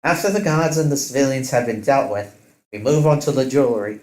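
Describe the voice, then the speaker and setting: A man's voice: mid-range voice, a little fast, a little mellow, reverberant, voice pushed up, natural voice. A man voicing a young male hacker who explains the plan eagerly. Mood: explaining.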